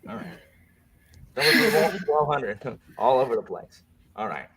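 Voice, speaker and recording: A man's voice: mid-range voice, big pitch swings, moderate pace, background noise. A man hosting a bookish quiz game, playful and jokey, reading each clue twice. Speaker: quiz host. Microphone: desk microphone.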